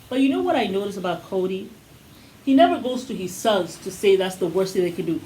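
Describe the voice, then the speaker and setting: A woman co-hosting a casual review chat, talkative and opinionated, quick to act out scenes she describes. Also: mid-range voice, animated, warm tone, a little hiss or hum, poor audio. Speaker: co-host of a TV review channel.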